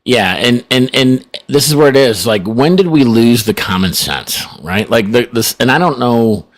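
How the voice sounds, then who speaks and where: A man's voice: medium pitch, animated, normal speed. A middle-aged man co-hosting a podcast in casual chat, rambling and laid-back with frequent chuckles. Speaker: podcast co-host.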